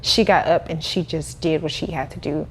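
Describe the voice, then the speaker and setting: Animated woman telling her story. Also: sits low, moderate pace, a little hiss or hum. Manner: animated, laughing, acts out quoted dialogue. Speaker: guest, cleaning business owner. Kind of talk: casual interview storytelling.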